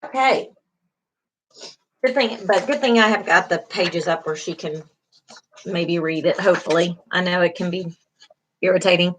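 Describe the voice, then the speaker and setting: A woman's voice: fairly low pitch, normal speed, pauses often, low-quality recording. A middle-aged woman instructing a class, going over material patiently, repeating key terms and reassuring her students, with frequent fillers. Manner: repetitive, reassuring teaching with fillers. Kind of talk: online class lecture.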